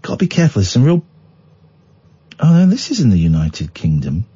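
Guy hosting late night radio, jokey and mock-angry, bit husky, muffled sound. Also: fairly low pitch, wildly swooping pitch, fairly quick, mellow. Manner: playful, mock-outraged teasing. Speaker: radio host. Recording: dull lo-fi radio studio sound.

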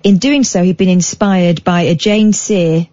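A woman's voice: fairly low pitch, fairly even intonation, unhurried, mellow, dry recording, dull audio. Dry-voiced female radio co-host. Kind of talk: casual radio banter, reading aloud.

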